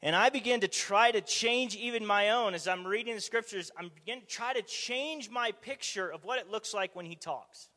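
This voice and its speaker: A man preaching a conversational sermon, animated, asking the audience rhetorical questions, in a church or meeting hall. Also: high voice, normal speed, hardly any pauses. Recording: long hall reverb.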